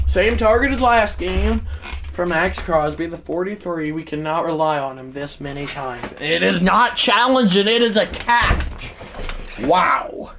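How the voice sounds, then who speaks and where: A man giving excited play-by-play commentary over a football video game, calling it like a sportscaster and shouting on the big plays. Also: high voice, gravelly, a little hiss or hum. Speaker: gaming channel host.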